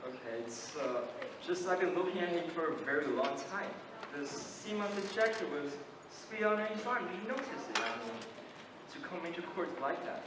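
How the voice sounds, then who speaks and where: Brief: teen guy as a soft-spoken reflective old juror, high voice, echoey hall with noise. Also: expressive, moderate pace, far from the mic, natural voice. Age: late teens. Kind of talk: stage play performance.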